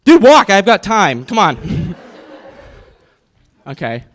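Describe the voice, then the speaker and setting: A man's voice: high-pitched, very animated, slow. A man in his twenties doing a stand-up comedy set on stage before a live audience, nervous and rambling, with many fillers. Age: 20s.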